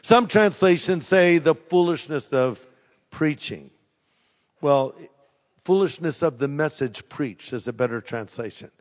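High-voiced pastor in an echoing hall. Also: male voice, unhurried. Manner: humorous, emphatic storytelling. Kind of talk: sermon. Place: church sanctuary. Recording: long echo of a large hall.

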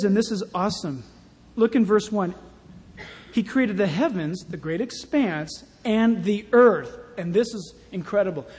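A male pastor preaching an animated sermon in a warehouse church, declaiming scripture emphatically. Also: high voice, breathy edge. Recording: long reverb in a large hall.

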